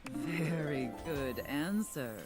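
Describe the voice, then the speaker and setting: A bossy game safe, low voice that swings around a lot, sneering. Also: female voice, animated, over loud music. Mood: imperious. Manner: imperious, contemptuous, slow deliberate. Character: haughty domineering female safe, commanding mistress. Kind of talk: video game voice acting.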